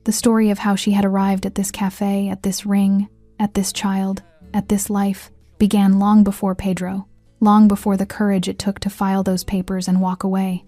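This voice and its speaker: A woman narrating a story in a measured, even reading. Her voice is dark and mellow, and her pitch barely moves. The recording is dry, and soft music plays faintly underneath. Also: dry recording.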